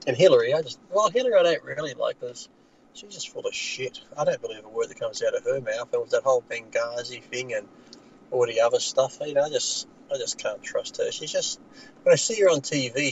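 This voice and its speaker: A man's voice: mid-range voice, vocal fry, muffled recording. Blunt Australian man, car noise behind. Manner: blunt, swears freely, laughs often. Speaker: podcast co-host. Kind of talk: casual chat.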